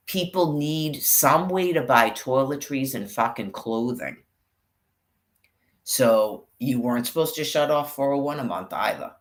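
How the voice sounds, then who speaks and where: Swearing, rambling New man ranting. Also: mid-range voice. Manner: angry, swears constantly, rambling. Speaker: vlogger. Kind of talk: profane ranting monologue.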